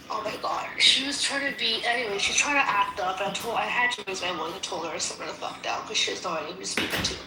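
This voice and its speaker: A woman's voice: medium pitch, heavy background noise. A woman telling a story in casual chat, heated and profane. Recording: echoey room.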